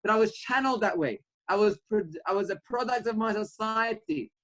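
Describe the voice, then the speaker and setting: High-voiced earnest man teaching Torah. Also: poor audio. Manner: earnest, rising to animated when quoting, mixes Hebrew and Yiddish terms. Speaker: rabbi giving a Torah class. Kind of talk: Torah class with storytelling.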